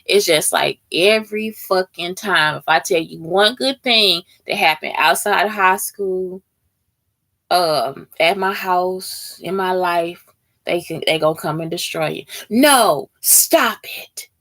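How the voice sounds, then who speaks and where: Speaking a little slowly in a lowish, fairly bright voice, a woman hosts a casual chat where she answers question prompts. She's blunt and swears heavily, addressing her listeners directly as "y'all."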